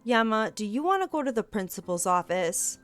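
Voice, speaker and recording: A woman voicing a stern, pompous male schoolteacher who scolds in a prim, formal way over soft game music. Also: a little high, sing-song, brisk, smooth. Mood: scolding.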